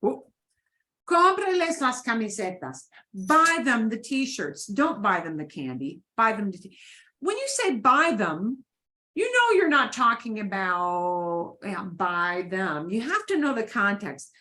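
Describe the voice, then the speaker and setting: A woman's voice: mid-range voice, very animated, a little slow, sharp tone. A woman teaching a beginners' Spanish class, patiently repeating phrases for her students to echo.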